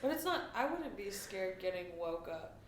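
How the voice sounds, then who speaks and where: A woman in a casual podcast chat, talking calmly and reasoning things out. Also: medium pitch, moderate pace. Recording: roomy echo with faint noise.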